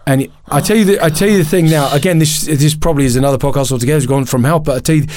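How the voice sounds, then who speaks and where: A man, a podcast guest, telling a candid personal story in an animated, emotional way, often restarting and laughing at himself. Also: fairly high pitch, rapid-fire, no room sound.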